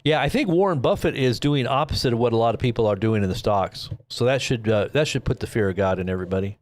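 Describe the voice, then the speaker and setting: A man's voice: mid-range voice, quick pace, no room sound. A man hosting a casual live news stream, rambling and joking, often breaking off and restarting his sentences. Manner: rambling, self-interrupting, joking. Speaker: host. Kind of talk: casual livestream commentary.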